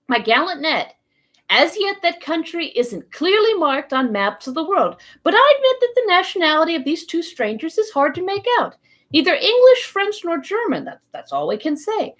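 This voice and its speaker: A woman's voice: extremely high pitch, voice pushed up. A woman reading aloud, voicing a courteous, learned professor who speaks earnestly and coaxingly, rising to exclamations. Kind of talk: read-aloud storybook voice.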